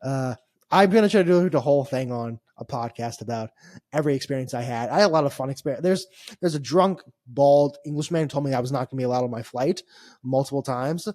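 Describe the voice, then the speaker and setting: A man's voice: mid-range voice, fast talker, dry recording, studio quality. An American man, a young adult, co-hosting a podcast and telling a trip story in casual chat, laughing and restarting his sentences. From United States. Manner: animated, laughing storyteller with filler-heavy restarts. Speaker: podcast co-host.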